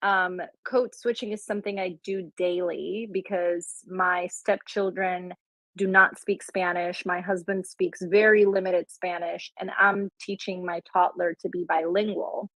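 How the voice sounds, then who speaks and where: A woman's voice: lowish voice, flat delivery, unhurried, a bit bright, dry recording, poor audio. A woman from Rico, speaking as a guest in a casual live audio chat in a gracious, effusive way. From Puerto Rico. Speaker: guest speaker and content creator.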